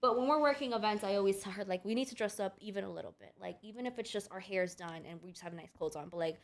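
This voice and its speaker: A young businesswoman talking at a quick clip on a podcast. She is chatty and loose, with lots of "like" fillers, and sits at an ordinary, medium pitch. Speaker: makeup artist and business owner. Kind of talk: casual podcast interview. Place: podcast studio.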